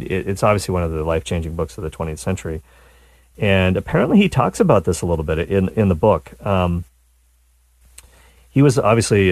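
Chatty low-voiced male radio host. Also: a little mellow, no echo. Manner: rambling, self-deprecating, many restarts. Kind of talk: casual talk radio monologue. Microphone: studio mic.

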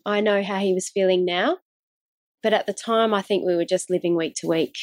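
A woman's voice: mid-range voice, a little fast, dry recording, studio quality. A woman speaking candidly and reflectively as a guest alongside her husband. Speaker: guest, wife of the other guest. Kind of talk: casual conversation.

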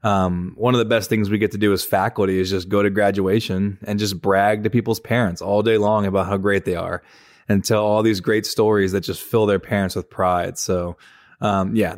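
A male faculty member co-hosting a casual chat, telling stories in a relaxed, teasing way with plenty of fillers. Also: on the low side, no room sound, studio quality.

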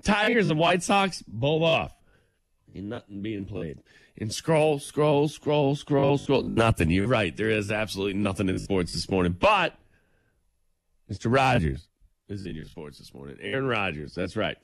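A man's voice: on the low side, very animated, normal speed, no echo. A man co-hosting a morning radio show, joking around in casual banter and reading sports news. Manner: loose, joking, playful. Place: radio studio.

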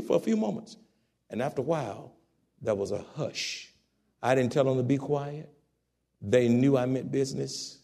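Fervent preacher with a gravelly voice. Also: male voice. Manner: fervent, swings from loud exhortation to soft, low asides. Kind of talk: sermon.

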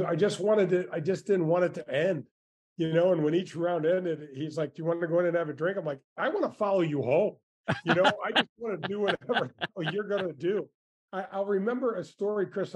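Man in his sixties telling stories, mellow. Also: fairly high pitch, husky. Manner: animated storyteller with many restarts and "man" asides. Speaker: former tour golfer, guest. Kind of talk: storytelling interview answers.

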